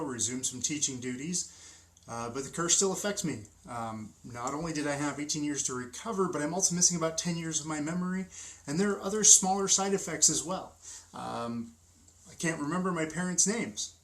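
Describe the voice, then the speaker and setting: A man's voice: fairly high pitch, fairly bright tone, close to an everyday voice, low-quality recording. A man playing an eager, rambling male wizard professor who teaches curse breaking, stumbling over his words in a fan-made web drama.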